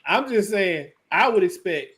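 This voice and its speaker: A man's voice: high-pitched, animated, measured pace, a bit bright, breathy edge. A middle-aged man chatting casually on a video call, rambling, joking and laid-back.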